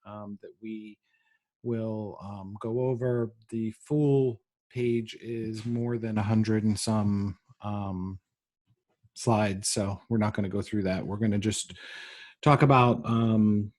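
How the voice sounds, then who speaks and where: A man giving a recorded medical lecture, pausing often with ums and uhs. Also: on the low side, steady tone, a little mellow. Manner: halting, frequent ums and uhs.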